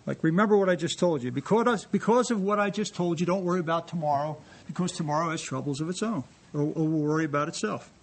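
A man preaches with a high, bright-sounding voice, moving between joking asides to his congregation and scripture read aloud. His delivery stays animated and conversational throughout the sermon. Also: fast, hardly any pauses. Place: church sanctuary.

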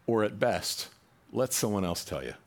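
A male pastor delivers a sermon in a fairly low voice. He reads a passage, then wanders into chatty asides and pointed questions put to his listeners. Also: big pitch swings, normal speed. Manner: conversational preaching with asides and rhetorical questions.

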